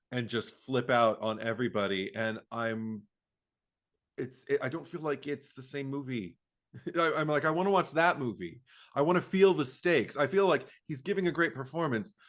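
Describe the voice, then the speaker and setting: A man co-hosting a podcast, talking casually about a film, stammering and acting out reactions as he goes. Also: mid-range voice. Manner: animated, acts out quotes, stammers, laughs while talking. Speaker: podcast co-host.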